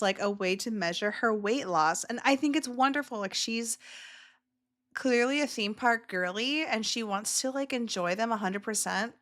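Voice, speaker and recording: A woman's voice: medium pitch, fairly bright tone. A woman hosting a casual reaction video who gushes emotionally over clips, with many filler words.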